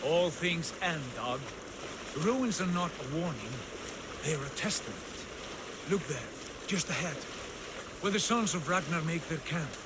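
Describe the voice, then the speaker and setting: An actor playing a proud, commanding Viking jarl who speaks in a solemn, declaiming way, with game music behind. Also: male voice, on the high side, lively intonation, measured pace, pauses often, heavy background noise. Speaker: jarl leading a war band.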